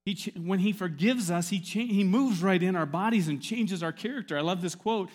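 Man, pastor, sermon, emphatic, storytelling, repetitive, slightly high voice. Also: fairly quick, hardly any pauses, a little mellow.

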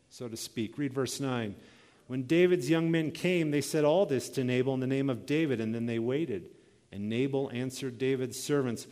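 A man's voice: medium pitch, normal speed, dark tone, big-room sound. A man preaching a sermon as pastor, reading scripture and telling a personal story with quoted voices.

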